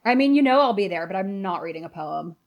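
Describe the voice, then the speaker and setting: A woman's voice: medium pitch, animated, fast talker, muffled recording. A woman comedian in a sketch, talking in casual teen-style chatter.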